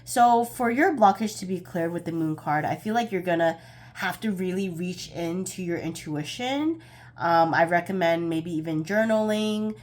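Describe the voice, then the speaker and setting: A woman's voice: on the low side, lively intonation, moderate pace. Chatty, scattered young woman tarot reader. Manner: chatty and scattered, laughing at herself. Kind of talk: casual pick-a-card tarot reading.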